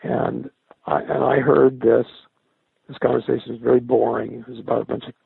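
Older guy, super gravelly and husky, stumbles and repeats himself, sounds like an old phone line. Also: mid-range voice, flat delivery, no echo. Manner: halting, repeats and restarts words often. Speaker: veteran radio intercept linguist being interviewed. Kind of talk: recollecting in an interview. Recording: dry, tinny phone-like sound.

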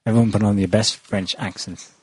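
A man with a low, husky voice hosts a relaxed panel talk. He rambles with ums and restarts. The sound is dry and close. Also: brisk, no room sound. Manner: chatty, many ums and restarts. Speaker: podcast host. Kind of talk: casual panel discussion.

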